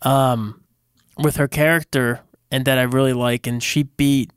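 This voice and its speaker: A man co-hosting a casual wrestling podcast, talking in a relaxed, halting way with many fillers. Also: mid-range voice, clear, resonant tone, no echo, studio quality. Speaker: podcast co-host.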